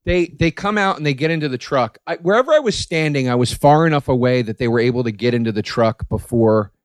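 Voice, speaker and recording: A man hosting a podcast, telling a story in a casual, animated and heavily profane way. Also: mid-range voice, fast talker, dry recording, studio quality. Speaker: podcast host.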